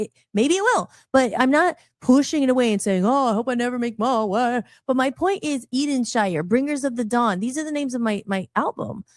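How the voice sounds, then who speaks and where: A woman's voice: high voice, darkish tone, no room sound, studio quality. A woman musician talking candidly and passionately, rambling and breaking off her sentences as she goes. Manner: rambling, passionate, self-interrupting. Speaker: musician on a radio show. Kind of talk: candid emotional talk.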